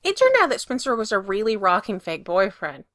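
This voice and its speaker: A woman reading a story aloud with lively, expressive narration that swells when the scene gets exciting. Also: mid-range voice, fairly quick, dry recording, clean studio sound. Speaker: reader.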